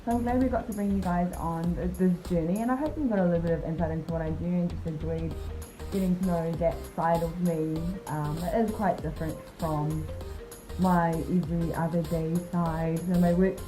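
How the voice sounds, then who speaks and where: Young woman, New Zealand accent, low-pitched voice, casual vlog chat, music playing underneath. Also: fairly even intonation, fairly quick, rough recording. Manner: chatty, upbeat, laughs often. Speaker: vlogger and airport worker.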